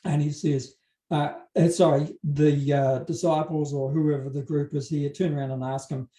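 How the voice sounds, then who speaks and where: A man's voice: fairly high pitch, level tone, moderate pace, mellow. Give me a man preaching a conversational sermon, telling stories with joking asides. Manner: casual storytelling with joking asides. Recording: roomy hall from a distant mic.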